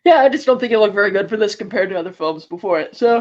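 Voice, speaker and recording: A woman's voice: medium pitch, animated, rapid-fire, muffled recording. A woman co-hosting a podcast, retelling a film plot in a rambling, chatty way. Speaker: podcast co-host. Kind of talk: casual chat recapping a film plot.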